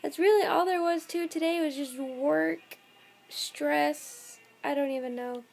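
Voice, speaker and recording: A woman's voice: sits high, steady tone, measured pace, creaky, darkish tone, faint music behind. Exhausted young woman rambling to camera. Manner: rambling and scattered. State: very tired, yawning. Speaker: vlogger. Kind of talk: casual vlog to camera.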